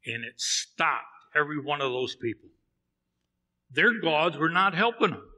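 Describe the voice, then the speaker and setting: A man's voice: fairly high pitch, animated, measured pace, pushed and bright, in a large hall. A man preaching a sermon in a church, telling a Bible story and acting out the characters' lines. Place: church sanctuary.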